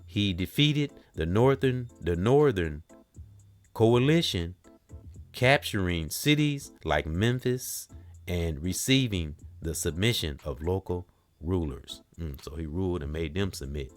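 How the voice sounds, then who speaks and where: Low-voiced guy reading notes off the cuff, trips on words, spells stuff out, soft music under. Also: animated. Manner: reads aloud haltingly, spells out names, stumbles and repeats words. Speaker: host. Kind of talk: casual reading and commentary.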